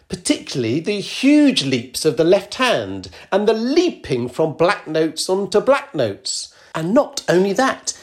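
A woman's voice: lowish voice, a little mellow. A middle-aged woman hosting a scripted podcast, self-deprecating and prone to mock alarm. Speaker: podcast host.

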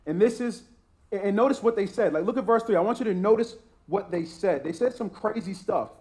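High-voiced pastor preaching. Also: male voice, fairly quick, a little mellow. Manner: emphatic, repetitive preaching with restarts. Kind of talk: sermon.

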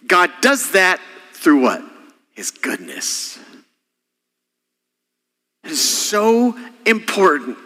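A middle-aged man preaching a sermon as senior pastor, impassioned, with sudden soft drops. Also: high voice, in a large hall.

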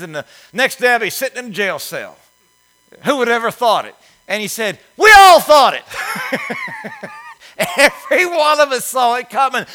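Emphatic pastor preaching. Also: male voice, medium pitch. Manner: emphatic preaching, swinging from loud to hushed. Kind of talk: sermon. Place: church sanctuary.

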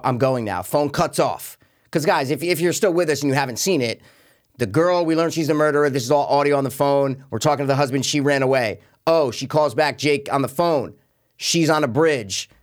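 A young man co-hosting a casual film review podcast, talking in an animated way with swearing as he jumps into retelling scenes. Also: mid-range voice, fairly quick. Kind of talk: casual chat.

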